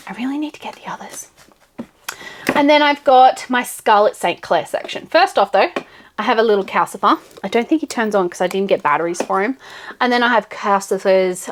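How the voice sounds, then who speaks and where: A young woman casually chatting through a tour of her bookshelves, gushing and dropping into soft whispered asides. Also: medium pitch. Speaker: book vlogger.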